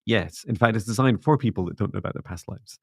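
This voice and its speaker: Middle-aged guy hosting a spiritual live stream, low gravelly voice, soft and calm. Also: fast talker, no echo, clean studio sound. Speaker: psychic mentor and livestream host. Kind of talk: casual livestream chat and guided closing.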